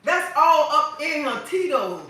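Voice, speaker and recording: A woman's voice: high voice, sing-song, a little slow, sharp tone. A woman host chatting casually on a livestream, sassy and preachy, calling her viewers honey. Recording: echoey room, mic at a distance.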